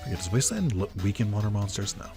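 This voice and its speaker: A man's voice: fairly low pitch, very animated, very fast, music in the background. A young man giving casual let's-play commentary, musing aloud in a laid-back way with little chuckles. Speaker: gamer.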